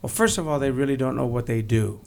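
A man's voice: mid-range voice, quick pace, gravelly. A man from Texas, a guest telling blunt, joking stories in a casual interview. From San Antonio, Texas.

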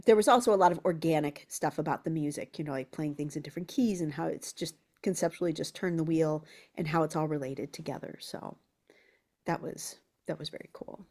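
A woman musician being interviewed, telling lively anecdotes and acting out quotes. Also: low voice, brisk. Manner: animated storyteller who acts out quotes. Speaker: guest musician.

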